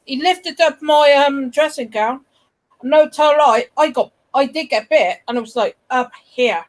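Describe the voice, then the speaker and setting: A woman's voice: high voice, a little slow, low-quality recording. A woman chatting casually with the host, stumbling and repeating words as she tells her own story. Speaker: guest. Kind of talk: casual chat.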